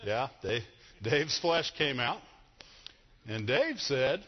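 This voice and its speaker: A middle-aged man preaching a sermon to a congregation, animated and asking them questions. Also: mid-range voice, slow pace, pauses often. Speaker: pastor. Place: church hall. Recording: dull sound with long hall reverb.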